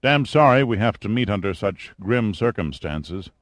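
A man reading an audiobook, voicing a hearty, red-faced doctor in a raised, higher voice. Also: lively intonation, normal speed, dry recording, studio quality, lightly acted.

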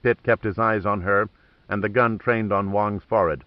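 A man narrating a thriller audiobook in a measured, dramatic storytelling manner. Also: on the low side, fairly even intonation, no room sound, dull audio.

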